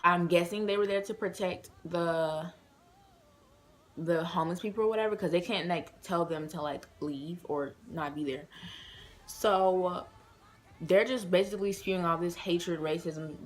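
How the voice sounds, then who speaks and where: A woman's voice: fairly low pitch, moderate pace, slight background noise. A woman from the United States telling a casual storytime vlog, chatty and full of fillers, talking straight to her viewers as y'all. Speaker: vlogger.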